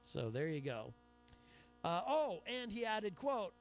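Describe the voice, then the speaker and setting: A man's voice: high-pitched, sing-song, slow, faint music behind. A man hosting a talk radio show, reading news aloud with chatty, sarcastic asides. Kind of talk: solo talk radio commentary.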